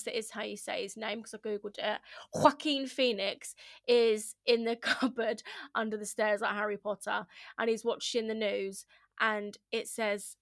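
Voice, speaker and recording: A woman's voice: on the high side, gravelly, a bit bright, dry recording, clean studio sound. A woman in her thirties chatting casually to her viewers, rambling, swearing and laughing as she goes. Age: 30s. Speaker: vlogger. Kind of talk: casual chat to camera.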